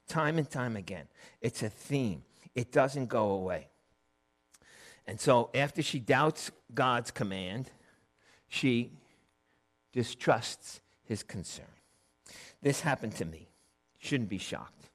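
A man's voice: mid-range voice, expressive, moderate pace. A middle-aged pastor preaching a conversational sermon, telling stories and acting out the voices of the people he quotes.

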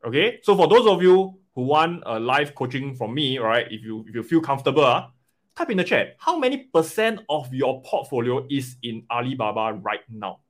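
A man coaching an investing webinar live, animated and often checking in with "right?" and "okay?". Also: medium pitch, moderate pace.

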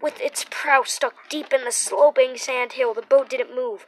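A woman's voice: sits high, steady tone, unhurried, rough recording. A woman narrating a children's story aloud, reading it through with small restarts and repeated words. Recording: faint background noise.

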